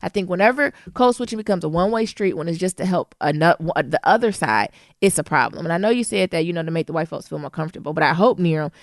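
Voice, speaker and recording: A woman's voice: on the low side, expressive, quick pace, hardly any pauses, no echo, clean studio sound. A woman with a Midwestern Southern twang co-hosting a podcast, talking bluntly and animatedly in casual chat and laughing often. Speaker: podcast co-host.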